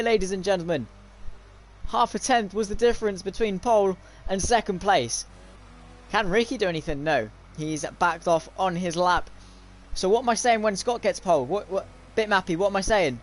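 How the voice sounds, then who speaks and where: A male sim racing commentator calls the action live on a stream. His voice sits high, and it climbs further and stretches out when a big moment lands. A faint noise floor hums under the desk mic. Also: normal speed.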